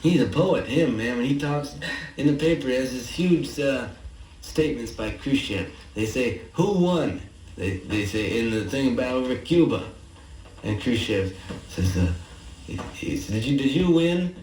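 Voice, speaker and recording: A man's voice: medium pitch, darkish tone. Rambling young man on old roomy tape. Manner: halting, drawling, full of "uh" and "you know". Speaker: songwriter giving commentary. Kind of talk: casual rambling anecdote. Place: apartment living room. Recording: roomy, distant 1963 home tape with faint hiss.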